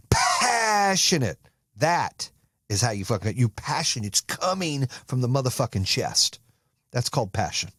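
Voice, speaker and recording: A man's voice: mid-range voice, slightly rough, dry recording, studio quality. An American man hosting a podcast, delivering an intense, profane motivational monologue. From United States. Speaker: podcast host.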